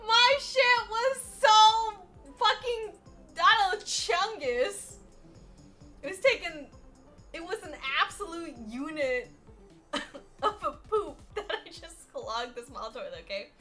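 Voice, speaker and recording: A woman narrating a comic storytime, animated and full of swearing, dropping to mumbles and then rising loud. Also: high voice, slow, faint music behind. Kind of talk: casual comedic storytime voice-over.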